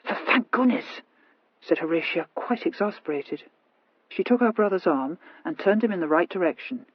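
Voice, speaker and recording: A woman narrating an audiobook in an even, measured storytelling voice. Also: on the low side, breathy edge, no room sound, lo-fi sound. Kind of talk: scripted narration.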